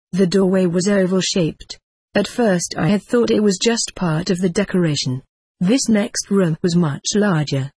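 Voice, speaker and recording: A woman reading a first-person memoir aloud as an audiobook narrator, in a measured, descriptive way. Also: on the low side, darkish tone, slightly rough, no room sound.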